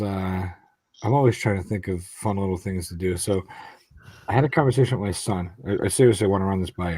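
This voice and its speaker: Guest, man on a video call, low and husky, rambling storyteller. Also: warm tone, no room sound. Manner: rambling, storytelling, lots of fillers. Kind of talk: casual chat.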